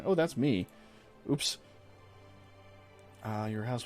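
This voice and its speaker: A man's voice: fairly low pitch, normal speed, long pauses, a little mellow, soft background music. A man streaming a strategy game, chatting casually and reading game text aloud as he plays. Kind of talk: casual gameplay commentary.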